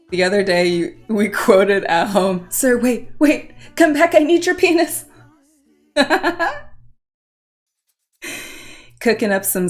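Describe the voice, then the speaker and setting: Playful, giggly woman streamer. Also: lowish voice. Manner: playful, giggly, reads chat aloud. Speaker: Twitch streamer. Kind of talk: casual live-stream chat with viewers.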